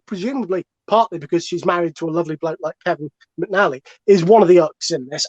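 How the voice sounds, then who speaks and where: A man's voice: high-pitched, no echo. A man, a comedian on a comic podcast, arguing his case in a rambling, digressive way with plenty of swearing. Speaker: comedian panelist. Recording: dull lo-fi dry sound.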